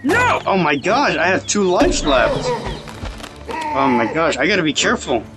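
A young man giving excitable, casual commentary while playing a video game, talking to his viewers into a phone. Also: on the high side, normal speed, over music. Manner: excitable, yelps and exclaims at the game, talks to viewers. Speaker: let's play host.

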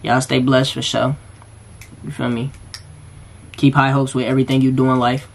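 A man with a mid-range voice comments on a clip in a relaxed, chatty way, full of slang. He talks straight to his viewers as the host of his own reaction channel. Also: mid-range voice, moderate pace, vocal fry.

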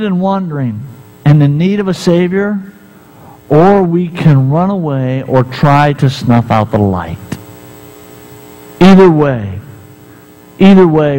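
A man preaches, moving from scripture into a campfire-style story whose characters he acts out in turn. His voice is fairly high for a man and swings a long way up and down, and a faint mains hum runs under the recording. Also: mellow, low-quality recording. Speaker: pastor. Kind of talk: sermon with storytelling.

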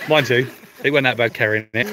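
A man's voice: medium pitch, brisk, noisy background. A man hosting a live stream outdoors, chatting casually and reading out viewer comments while driving RC cars.

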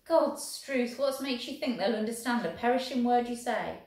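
A woman's voice: on the high side, lively intonation, moderate pace, darkish tone, voice pushed up. A woman voicing a blunt, exasperated male soldier who scolds his friend. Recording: very echoey room.

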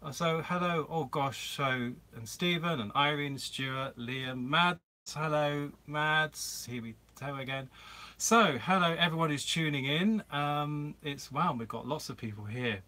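A man's voice: fairly high pitch, measured pace, pushed and bright. A man hosting a live-stream Q&A from inside a camper van, chatting in a rambling way and greeting viewers by name. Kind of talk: casual live-stream chat.

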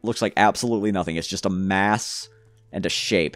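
Deep-voiced man rambling over gameplay. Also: fairly quick, fairly bright tone, dry recording, faint music behind. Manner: rambling, jokey self-talk with stumbles. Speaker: gamer. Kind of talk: casual gameplay commentary.

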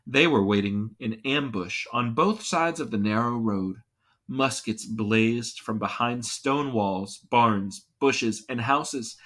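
A man reading two history book passages aloud for a class, expressive and storybook-like. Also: mid-range voice. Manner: expressive storybook reading, acts out quoted shouts. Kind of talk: read-aloud lesson.

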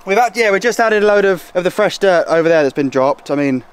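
A man's voice: high voice, animated, quick pace, smooth. A man chatting casually and joking with a friend at an outdoor bike track. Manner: chatty, self-mocking banter. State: out of breath. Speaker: vlogger and rider. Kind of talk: casual chat.

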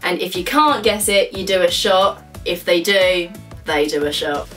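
A woman's voice: on the low side, a little slow, a bit bright, distant mic, soft background music. A woman appearing as a guest on a friend's vlog, teasing and laughing through a casual chat. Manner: giggly, teasing and loose.

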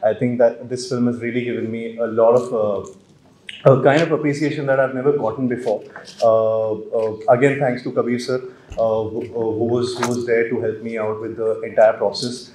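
A man with an Indian accent answering press questions in a casual, halting way, full of fillers and restarts. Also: mid-range voice, steady tone, darkish tone, reverberant, a little hiss or hum, low-quality recording. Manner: hesitant, many fillers and restarts. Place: large hall at a press meet. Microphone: handheld mic.

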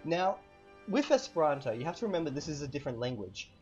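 A man teaching vocabulary in a casual lesson, repeating each word slowly with fillers. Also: fairly high pitch, big pitch swings, a little mellow, lo-fi sound, faint music behind. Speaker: language teacher.

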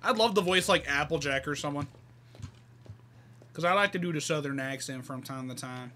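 A man's voice: on the high side, moderate pace, pushed and bright, slight background noise. A man streaming a game, chatting casually, thinking aloud and greeting viewers by name. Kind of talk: casual live-stream commentary.

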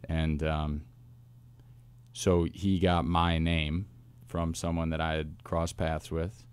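Deep-voiced man telling a story. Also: clear, resonant tone, no room sound. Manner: animated storyteller, quick asides and restarts. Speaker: wide receivers coach, guest. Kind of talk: casual interview storytelling.

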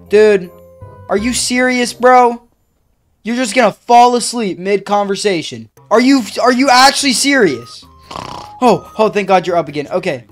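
A woman narrating a game role-play casually, in an excitable, slangy way, often yelling in alarm. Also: on the high side, moderate pace, soft background music. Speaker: gaming video creator.

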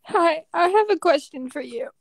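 A woman's voice: very high voice, animated, normal speed, no room sound, studio quality, voice pushed up. A woman putting on a weepy, half-whispered voice as a sad customer asking for a custom piece. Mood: timid.

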